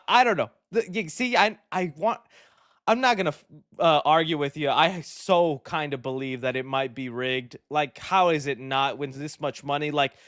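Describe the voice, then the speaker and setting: A man's voice: a little high, a bit bright, no room sound, clean studio sound. A man hosting a movie news livestream, chatting with viewers in upbeat, slangy, jokey banter. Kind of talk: casual live-stream chat.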